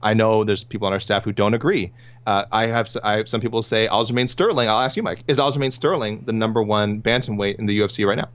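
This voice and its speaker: A man's voice: fairly low pitch, dull audio. A Canadian man co-hosting a casual sports podcast, rambling and often correcting himself mid-sentence. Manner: quick, rambling, self-correcting. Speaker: podcast co-host.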